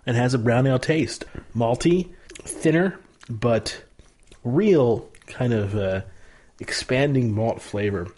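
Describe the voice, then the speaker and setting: A man co-hosting a casual beer tasting podcast, hesitant and searching for words, quick to laugh. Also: mid-range voice, darkish tone. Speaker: podcast co-host.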